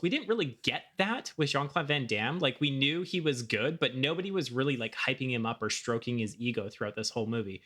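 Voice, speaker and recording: A man's voice: medium pitch, lively intonation, brisk, few pauses, fairly bright tone. A man co-hosting a movie podcast, laid-back and rambling with plenty of fillers. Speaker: podcast co-host. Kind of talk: casual movie-review chat.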